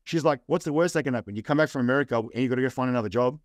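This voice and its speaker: An Australian man, a young adult guest, telling lively anecdotes in casual chat, often tagging lines with "right?" and acting out what people said. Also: medium pitch, very fast, no room sound, clean studio sound. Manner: animated anecdotes with "right?" and "I'm like". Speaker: interview guest. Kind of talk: casual storytelling.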